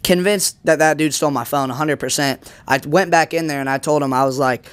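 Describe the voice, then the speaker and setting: A man's voice: fairly high pitch, brisk, fairly bright tone, clear, resonant tone. A young man on a podcast telling a rambling story in casual slang, packed with fillers and acted-out quotes. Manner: dramatic retelling with acted quotes. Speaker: podcast guest.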